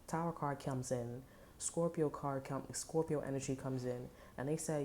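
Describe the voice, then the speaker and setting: A tarot reader does a casual reading for her viewers, rambling loosely, swearing freely, and leaning on fillers and slang. Her very low voice is dark and mellow, steady in tone and normal in speed, with a faint hiss underneath.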